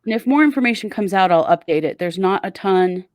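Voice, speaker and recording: A woman's voice: medium pitch, animated, brisk, dry recording, clean studio sound. A woman co-hosting a casual true crime podcast, earnestly warning listeners and laughing easily at jokes. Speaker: podcast co-host.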